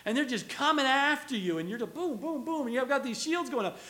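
Male preacher, very high pitch, earnest conversational sermon with rhetorical questions. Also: animated, brisk, bright, forceful tone.

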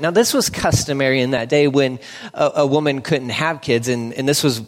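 A man preaching a sermon in a casual, conversational way, acting out the people in the story with animated voices. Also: mid-range voice, normal speed, long reverb tail. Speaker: pastor.

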